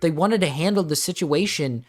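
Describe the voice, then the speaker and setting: A man's voice: a little high, moderate pace, soft background music. A man doing reaction commentary, ranting in exasperation and swearing often, talking to his chat like a streamer. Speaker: drama commentator.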